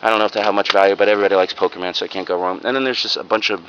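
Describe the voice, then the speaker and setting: Racing along in a lowish voice with fairly even intonation, this reseller vlogger rambles frankly through a casual haul video of secondhand finds, dropping plenty of ums and uhs. Background noise is clearly audible in the lo-fi home video.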